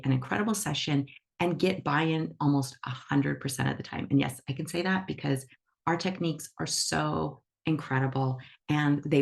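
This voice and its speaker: A woman with a deep, gravelly voice teaches animal reiki to an online class over a video call. Her instructional delivery is enthusiastic, emphatic and upbeat.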